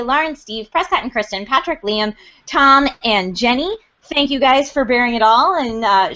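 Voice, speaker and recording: A woman's voice: fairly high pitch, sharp tone, muffled recording. A woman hosting a casual chat show, bubbly and upbeat. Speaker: podcast host.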